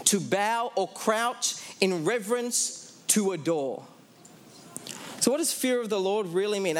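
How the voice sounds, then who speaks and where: Before his congregation, a preacher with a voice that sits high poses questions and then answers them himself, dragging out the key phrases. There's a little hiss or hum in the recording.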